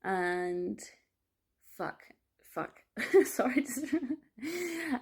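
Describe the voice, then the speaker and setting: A woman vlogging a candid personal monologue, rambling, swearing freely and breaking off with laughs and quick apologies. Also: fairly high pitch, big pitch swings, slightly rough. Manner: restless, self-interrupting, apologetic asides.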